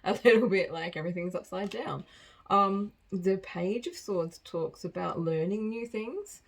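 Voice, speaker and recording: A woman's voice: medium pitch, a little slow, creaky, poor audio. A woman giving a casual collective tarot reading, chatty and rambling, often laughing at herself. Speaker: tarot card reader.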